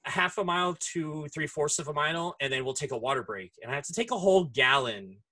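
A man's voice: fairly high pitch, lively intonation, quick pace, bright, forceful tone. A man in casual chat, telling profane stories and acting out voices, speaking through headphones. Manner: profane storyteller who acts out voices.

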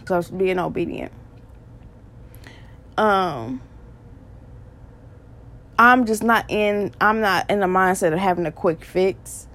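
A woman's voice: mid-range voice, a bit bright. A woman hosting a podcast and sharing a faith testimony, earnest and repetitive, stressing points again and again. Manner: earnest and repetitive, with quick bursts of emphasis and laughs. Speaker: podcast host. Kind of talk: faith testimony talk, preaching.

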